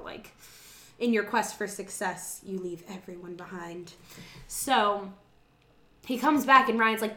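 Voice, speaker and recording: Laughing often, a woman recaps a movie in casual chat, animatedly acting out characters' lines and singing snatches of songs. Her mid-range voice moves at a moderate pace, and the sound is roomy.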